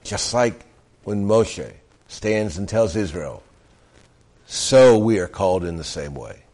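A man preaching a sermon in an earnest way, stressing phrases with pauses and slipping into casual storytelling. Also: low-pitched, animated, a little mellow. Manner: conversational storytelling with restarts. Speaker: pastor.

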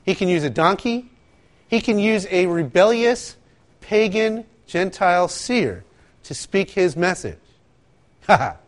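A man preaching a sermon, telling stories with animated asides and acting out quotes. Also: high-pitched, measured pace, pauses often. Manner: animated storytelling, acts out quotes, laughs often. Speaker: pastor.

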